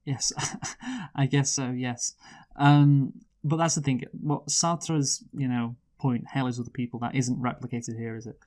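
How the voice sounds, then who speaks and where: A man's voice: medium pitch, fairly even intonation, a little slow, a little mellow. A man hosting a movie review show in casual chat. He reads out a plot summary and keeps steering the talk back to the film.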